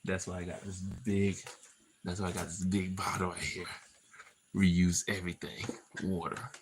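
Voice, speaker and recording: A man's voice: low voice, little pitch movement, normal speed, slight background noise, rough recording. A man rambling casually as he half reads a script, easily distracted, repeating himself and breaking into laughter and playful asides.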